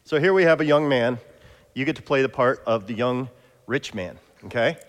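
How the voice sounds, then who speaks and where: A man's voice: medium pitch, lively intonation, normal speed. A man preaching an interactive sermon as pastor, joking with the congregation and calling up volunteers. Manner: playful, jokey, coaxing volunteers. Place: church sanctuary. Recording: long hall reverb.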